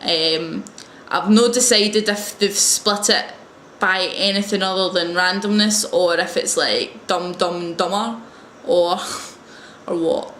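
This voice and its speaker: A woman's voice: fairly low pitch, slow, few pauses, a bit bright, slight background noise. A young woman telling a wry story in a casual video diary, hesitating with frequent ums. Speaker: English teaching assistant. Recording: roomy echo.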